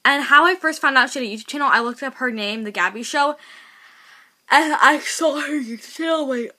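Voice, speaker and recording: A woman telling a storytime vlog to camera, excitable and rambling, with many restarts and repeats. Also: sits high, a little fast. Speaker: vlogger.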